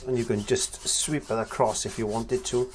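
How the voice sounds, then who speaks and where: A man's voice: medium pitch, fairly even intonation, normal speed, noisy background. A man teaching a painting tutorial, chatting casually and thinking aloud as he works. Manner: chatty, thinks aloud with fillers while working. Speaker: painting instructor.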